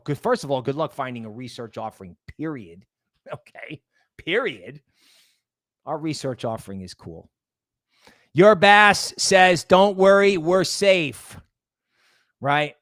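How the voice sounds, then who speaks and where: A man's voice: on the high side, a bit bright, dry recording, studio quality. A man hosting a casual livestream, rambling and greeting chat members by name. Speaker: livestream host.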